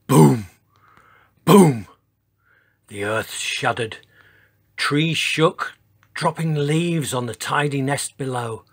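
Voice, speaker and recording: Slow, expressive man reading a story. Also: mid-range voice, breathy edge. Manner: slow, expressive read-aloud with dramatic sound words. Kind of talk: reading a children's story aloud.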